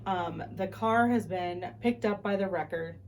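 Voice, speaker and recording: A young woman speaks to camera in a vlog, telling a story casually and lively while impersonating those she quotes. Her voice is on the low side and a little slow, with slight background noise.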